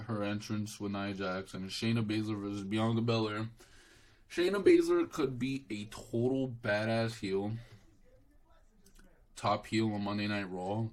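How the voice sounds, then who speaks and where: A young man with a somewhat low voice talks through a recap on his own channel. He rambles, stumbles over restarts and swears freely. His tone stays dismissive and offhand throughout. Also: rough recording. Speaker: wrestling show reviewer. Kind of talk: casual solo review rant.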